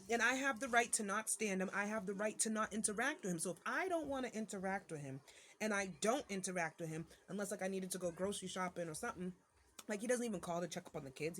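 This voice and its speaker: A woman's voice: fairly low pitch, a bit bright, slight background noise. Irritated woman ranting to camera. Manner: irritated and ranting, many fillers and restarts. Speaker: mother venting to viewers. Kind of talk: casual venting monologue to camera.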